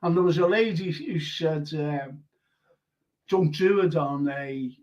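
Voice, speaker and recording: Speaking slowly in a slightly high, darkish voice, this older Scouser from Liverpool reads listener comments as a radio host. The live show is loose and rambling, packed with fillers and false starts, and carried on dull lo-fi stream audio.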